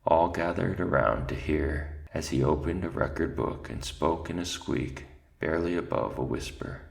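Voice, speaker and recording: A man narrating a novel aloud with a measured storytelling cadence. His voice is extremely low and heavily gravelly. The reading moves steadily through the prose. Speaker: reader. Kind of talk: audiobook narration.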